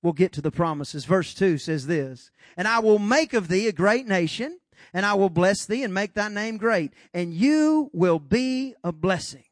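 A middle-aged man preaching a sermon in church, swinging between loud rises and quiet drops and acting out God's voice. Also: high voice, lively intonation, normal speed, no room sound, clean studio sound. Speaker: pastor.

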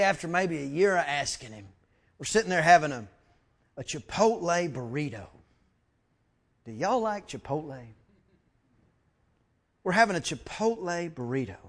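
A man preaching a sermon, telling stories and acting out quotes with lots of repeated words. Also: fairly high pitch. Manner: animated, acts out quotes, repeats words when excited. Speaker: pastor. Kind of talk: sermon with storytelling.

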